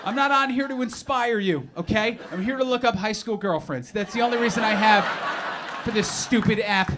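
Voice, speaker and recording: A man from New Jersey doing a stand-up comedy set, sarcastic and animated, with mock-outraged asides. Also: sits high, moderate pace. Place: comedy club stage, live audience. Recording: live club recording with audience noise.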